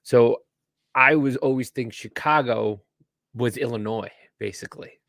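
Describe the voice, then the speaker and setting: A man's voice: mid-range voice, unhurried, gravelly, a bit bright, no echo, clean studio sound. A man from New Jersey hosting a podcast, joking in casual chat and swearing freely. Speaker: podcast host.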